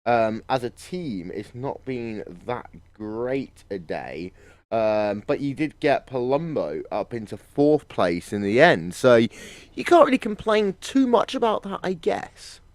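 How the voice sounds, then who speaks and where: A man's voice: medium pitch, sing-song, slow pace, no echo. A man presenting post-race interviews in a breezy, chatty way. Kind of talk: live sim-racing post-race interviews.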